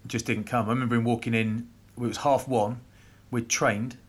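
Animated storytelling man. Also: mid-range voice, moderate pace, husky. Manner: animated anecdotes, laughing. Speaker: podcast co-host, former rugby player. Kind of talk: casual storytelling chat. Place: at a rugby stadium.

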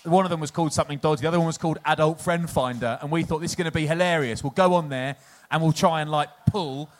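A man from England with a slightly higher voice spins a rambling anecdote for a live crowd. He is loose and chatty and laughs at his own stories. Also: fast talker. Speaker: podcast co-host, former rugby player. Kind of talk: casual anecdote-telling before a live audience.

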